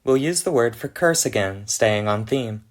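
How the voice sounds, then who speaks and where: Man, mid-pitched, methodical, scripted explainer, stepwise tutorial narration. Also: expressive, moderate pace. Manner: methodical, steps through examples. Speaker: conlang presenter.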